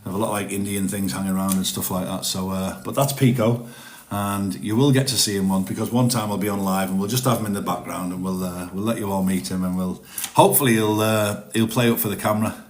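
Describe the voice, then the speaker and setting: A man's voice: fairly low pitch, fairly even intonation, quick pace, a little mellow, reverberant. A man chatting casually on a live stream from his home, rambling and self-deprecating.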